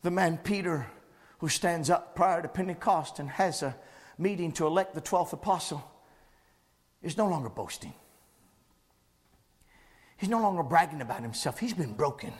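A man preaching a sermon with rising passion, breaking into shouted lines punctuated by "uh" breaths. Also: a little high, lively intonation, moderate pace, pauses often.

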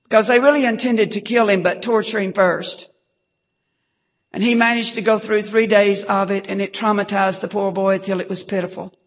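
A woman preaching an emotional testimony, fervent and repeating hallelujah, sometimes dropping to a hush. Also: mid-range voice, steady tone, normal speed. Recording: long hall reverb.

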